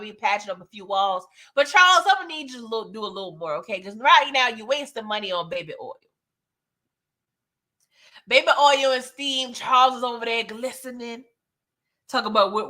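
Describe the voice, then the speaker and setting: A woman's voice: on the high side, pushed and bright. A woman hosting a casual TV episode recap, chatty and slangy, talking straight to her viewers. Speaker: TV recap host.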